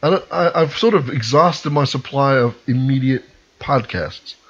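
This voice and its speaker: A man from Labrador, Canada, co-hosting a casual podcast chat, rambling enthusiastically and full of shout-outs. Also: mid-range voice, moderate pace, a little hiss or hum. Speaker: podcast co-host. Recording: lo-fi podcast recording.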